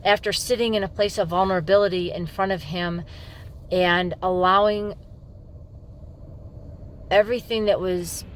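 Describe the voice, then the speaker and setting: A woman's voice: mid-range voice, steady tone, normal speed, long pauses, slight background noise. A middle-aged woman police officer candidly telling a personal story to the camera in an emphatic, frank way.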